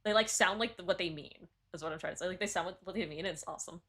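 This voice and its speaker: A woman streaming live, chatting casually and excitedly about lyrics she is reviewing, with lots of "like" and restarts. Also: on the low side, very fast, husky. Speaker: streamer reviewing song submissions.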